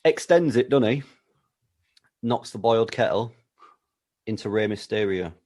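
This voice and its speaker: A man co-hosting a podcast, building an absurd story with a deadpan, playful delivery. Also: fairly low pitch, measured pace. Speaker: podcast co-host. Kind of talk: comedic storytelling chat.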